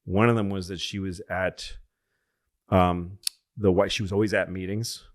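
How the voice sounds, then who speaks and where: Lively low-voiced man telling stories. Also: normal speed. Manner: animated storyteller acting out quotes in excited higher voices. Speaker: podcast host. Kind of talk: casual storytelling chat.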